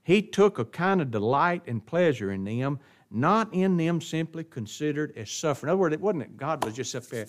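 An older man, a longtime pastor, preaching a sermon: he reads scripture aloud, stops to tell listeners what to underline, and swings from loud emphatic lines to quiet asides. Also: mid-range voice, lively intonation, normal speed.

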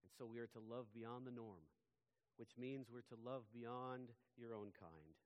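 A pastor preaching a sermon, rising to loud emphatic peaks and dropping to quiet, low asides. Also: male voice, unhurried.

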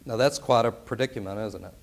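A man's voice: fairly low pitch, quick pace, vocal fry. A man preaching a sermon in an earnest, emphatic way, often turning to his listeners with rhetorical questions.

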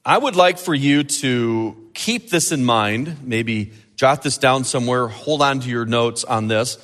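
A man preaching a sermon as pastor, animated and building to emphatic peaks. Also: mid-range voice, a little slow, big-room sound.

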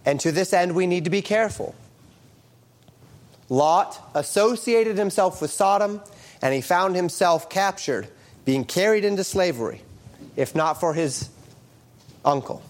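A man's voice: unhurried, pauses often. A man preaching a sermon, reading King James scripture aloud and explaining it verse by verse with emphatic rises and drops. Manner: emphatic, lively rises and drops in pitch and volume.

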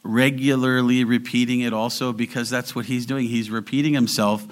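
A man's voice: medium pitch, level tone, normal speed. A middle-aged pastor preaching a sermon, chatty and joking with his congregation, who now and then breaks into singing the verse.

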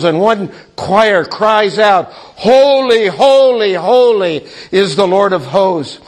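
A man preaching a sermon slowly and deliberately, with frequent hesitant pauses. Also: high voice. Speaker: pastor.

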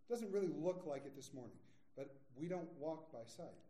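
A man in his forties preaching a sermon as pastor, telling a personal story in a conversational way with quick acted quotes. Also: fairly high pitch, lively intonation, warm tone, roomy sound. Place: church sanctuary.

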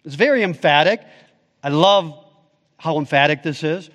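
A man preaching a sermon with a somewhat high voice, pressing his points home emphatically. He swings between loud, rising appeals and quiet, low stretches. The sound carries a long reverb, as in a large church hall. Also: normal speed, muffled recording. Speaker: pastor.

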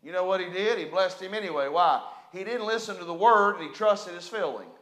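A man, a pastor preaching a sermon to a responding congregation, swelling from quiet talk into loud bursts. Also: high voice, brisk. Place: church sanctuary. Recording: echoey church room.

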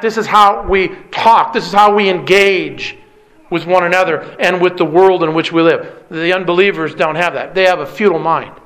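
A man's voice: high-pitched, fairly bright tone, low-quality recording. A man preaching a sermon with an emphatic, repetitive cadence. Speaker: pastor.

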